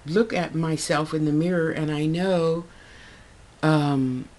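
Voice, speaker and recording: A woman's voice: low voice, fairly even intonation, slow pace, a little mellow. A woman talking to her camera in a casual, heartfelt vlog monologue, rambling and repeating herself as she goes. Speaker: vlogger.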